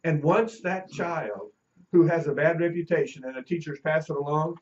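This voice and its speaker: A man's voice: fairly high pitch, moderate pace, a little mellow, highs cut off. A middle-aged man teaching a class, telling anecdotes and acting out the voices of people in his stories. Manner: storytelling, acts out quoted voices. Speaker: teacher educator.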